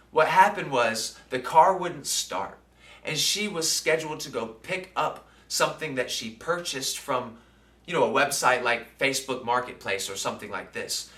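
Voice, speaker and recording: A man's voice: mid-range voice, sharp tone. A man talking casually into the camera about his day, using lots of fillers and asking "right?" as he goes. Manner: conversational, with many fillers and tag questions. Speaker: vlogger. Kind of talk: casual reflective monologue. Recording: roomy sound, mic at a distance.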